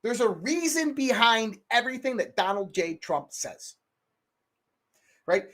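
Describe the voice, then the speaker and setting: A man hosting a casual political commentary show, animated and swearing freely. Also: very high voice, a little slow. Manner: animated, swears freely, mimics others in raised voice. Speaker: podcast host.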